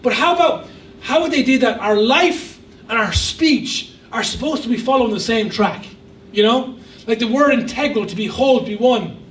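Pastor guy preaching, really high voice, joking around, sounds a bit far off in a big echoey room. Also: moderate pace, fairly bright tone, a little hiss or hum. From Ireland. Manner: emphatic, preachy, with humorous asides. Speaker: guest pastor. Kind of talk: sermon. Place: church hall.

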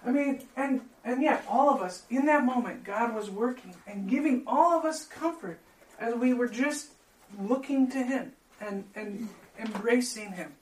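A man with a strikingly high voice tells his story with fervent emotion. He speaks as a preacher and leads a heartfelt prayer. The sound rings around a roomy, echoing space. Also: unhurried. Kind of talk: testimony and sermon with led prayer. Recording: roomy echo.

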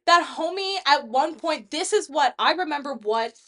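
A young woman co-hosts a casual podcast chat with a slightly high voice. She talks bluntly and swears heavily. She fills her sentences with "like". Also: lively intonation, moderate pace, a bit bright. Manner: blunt, heavy swearing, frequent "like". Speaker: podcast co-host.

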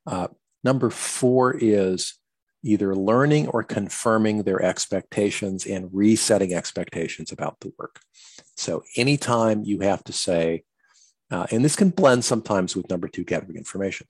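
Speaking at a normal speed with no echo, a man coaches listeners on how to communicate with clients. He has a low, gravelly, husky voice and earnestly role-plays sample customer conversations as a business coach.

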